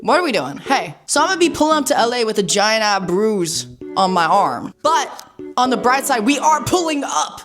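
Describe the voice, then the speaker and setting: A woman's voice: a little high, very animated, moderate pace, over music. A young woman vlogging in a casual, chatty way. She tells stories with energy and says "like" a lot. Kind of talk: casual chat.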